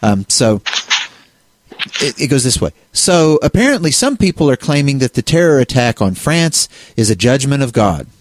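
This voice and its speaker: A man's voice: mid-range voice, big pitch swings, normal speed, dry recording. A man co-hosting a casual discussion on faith, talking in a rambling way with many restarts and fillers. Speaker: co-host.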